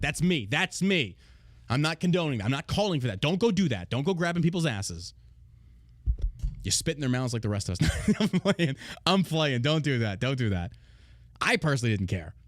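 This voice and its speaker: A man hosting a podcast, talking in a blunt, heavily profane casual rant with loud, mocking outbursts. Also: fairly high pitch, no room sound, studio quality. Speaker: podcast host.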